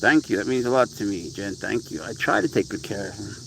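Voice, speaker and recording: A man's voice: lowish voice, lively intonation, fast, creaky, noisy background. A man chatting casually on a live pet stream, rambling about his cat and answering viewers, his voice rising into baby-talk when he speaks to the cat.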